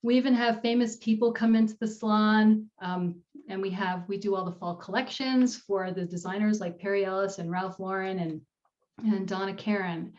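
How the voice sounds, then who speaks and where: A woman's voice: medium pitch, fairly even intonation, normal speed, darkish tone. An upbeat woman in her fifties presents a talk on public speaking over an online call, telling a story about her own past. The audio is a little dull and lo-fi. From United States. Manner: storytelling, upbeat with frequent laughs.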